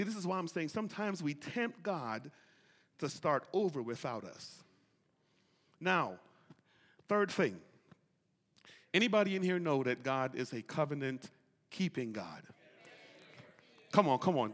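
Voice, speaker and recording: A man's voice: on the high side, big pitch swings, a little slow, long pauses, fairly bright tone, in a large hall. A man preaching a sermon as pastor, with impassioned call-and-response and folksy turns of phrase. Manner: folksy, drawls "y'all" and "ain't". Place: church sanctuary.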